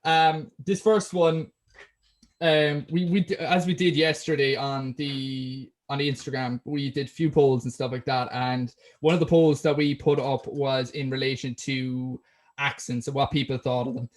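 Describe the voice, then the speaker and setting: A man's voice: medium pitch, little pitch movement, moderate pace. A man hosting a podcast, talking loosely with lots of ums while reading out questions. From Ireland. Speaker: podcast host. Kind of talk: casual interview chat.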